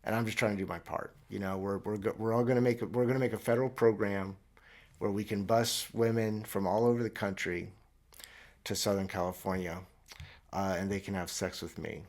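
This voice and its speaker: A man in his thirties from Florida, hosting a solo comedic podcast monologue in a sarcastic, deadpan, rambling way. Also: on the low side, brisk. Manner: rambling with restarts, mock-earnest. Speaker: podcast host. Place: traveling abroad, recording alone.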